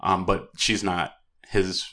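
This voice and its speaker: A man's voice: sits low, level tone, takes it slowly, sharp tone. A man co-hosting a podcast, chatting casually about a film in a hesitant way, with many fillers. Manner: hesitant, lots of likes and ums. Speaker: podcast co-host. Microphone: studio mics.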